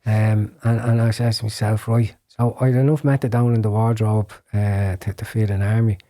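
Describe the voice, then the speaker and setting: An Irish man telling his personal testimony in a podcast interview, earnest, with repeated words and restarts, sometimes dropping to a hushed whisper. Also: on the low side, little pitch movement, moderate pace. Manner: earnest storytelling, drops to a hushed whisper when recalling prayers.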